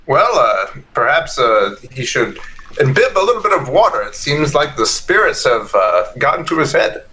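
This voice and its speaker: A man's voice: medium pitch, sing-song, moderate pace, bright, forceful tone, a little hiss or hum. A man playing a formal, courteous doctor in his thirties who speaks with polite hesitation.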